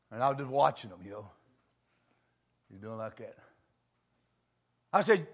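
A man preaching a homespun storytelling sermon in plain words, dropping to low murmurs and rising to fervent shouts. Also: very animated, measured pace, pauses often. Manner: plain homespun phrasing with many asides.

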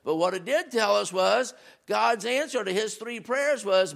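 A man with a very high, gravelly voice preaches a sermon as a visiting preacher. He talks to the congregation in a loose, conversational way and builds up to shouts. When he reads scripture, he drops lower and slows down. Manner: conversational and animated, rising to shouts. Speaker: guest preacher.

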